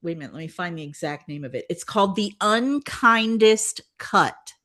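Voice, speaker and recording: An older woman chats about a favorite old TV show with a lively, wide-ranging voice. She tells the story with animated energy and slips into the characters' lines as she goes. She speaks at a middle pitch. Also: normal speed. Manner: animated storyteller, acts out quotes with big pitch jumps. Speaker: podcast co-host. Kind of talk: casual retro TV chat.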